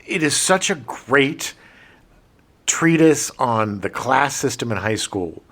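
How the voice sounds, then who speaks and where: A man's voice: medium pitch, expressive, slow pace, a bit bright. A middle-aged man co-hosting a podcast, riffing in casual chat. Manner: riffing, mock voices in quotes. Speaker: podcast co-host.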